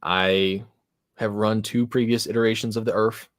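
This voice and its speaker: A man's voice: on the low side, steady tone, moderate pace, dry recording, studio quality. A man hosting a casual live-stream chat about tabletop games, rambling and self-deprecating. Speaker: podcast host and game master.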